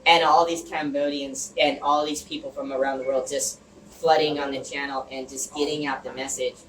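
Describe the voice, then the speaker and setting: A man's voice: mid-range voice, normal speed. Man telling a rambling story in an echoey room. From Los Angeles area, United States. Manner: animated, rambling storyteller who restarts phrases and uses "like" and "you know" often. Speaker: speaker addressing a community group. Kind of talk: personal storytelling speech. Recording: echoey room, mic far off, faint hum.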